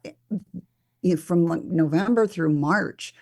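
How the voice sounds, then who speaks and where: Low-voiced woman telling lively stories. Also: measured pace. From Minnesota, USA. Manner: animated storyteller who acts out quotes. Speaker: guest, former TV meteorologist. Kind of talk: casual interview conversation.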